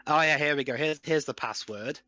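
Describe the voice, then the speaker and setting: A man's voice: on the high side, fairly quick, bright, forceful tone, dry recording. A man joking and laughing through a casual movie commentary with friends. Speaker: commentary group member.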